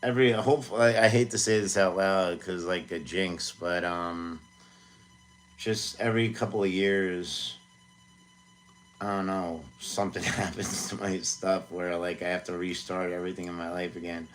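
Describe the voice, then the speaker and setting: Man, 40s, deep voice, loose rambling livestream chatter from his home studio, self-mocking. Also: steady tone, normal speed, a little hiss or hum. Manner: rambling, self-deprecating, many fillers. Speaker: music producer streaming live. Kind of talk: casual livestream chat.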